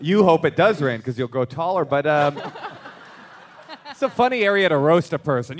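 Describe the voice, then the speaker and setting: Male co-host, high bouncy voice, teasing live-show banter. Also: moderate pace, pauses often, noisy background. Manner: animated, joking, teasing. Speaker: podcast co-host. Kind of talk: live comedy podcast banter. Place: theater stage before a live audience.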